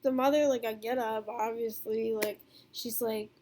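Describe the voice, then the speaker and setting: A woman's voice: fairly high pitch, fairly even intonation, moderate pace, mellow, slight background noise. A young woman telling a storytime vlog to camera in a rambling, casual way, full of fillers, swearing and laughter. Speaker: vlogger.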